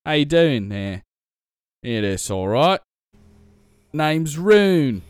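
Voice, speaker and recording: A man voicing a proud, old-money stable keeper who dislikes goblins, gruff and bossy, as an improvised character voice on a tabletop gaming podcast. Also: on the high side, big pitch swings, extremely slow, no echo, studio quality, soft background music, voice pushed up, heavily acted.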